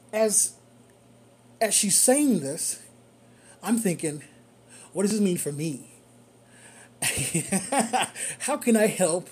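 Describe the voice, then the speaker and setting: Husky-voiced driver telling a story. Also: mid-range voice. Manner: animated, repeats phrases for emphasis. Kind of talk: casual storytelling monologue.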